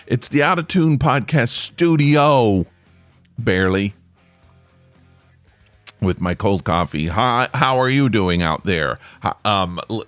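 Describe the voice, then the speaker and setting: A man's voice: mid-range voice, fairly bright tone, no echo. A man hosting his own podcast from a small home studio, talking in a rambling, self-deprecating way with lots of restarts. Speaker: podcast host. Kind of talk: rambling solo podcast chat.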